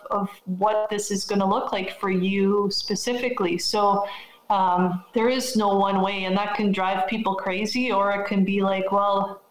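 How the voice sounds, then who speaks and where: A woman's voice: medium pitch, slight background noise. Encouraging woman in a roomy space. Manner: encouraging, advice-giving. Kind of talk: casual podcast chat.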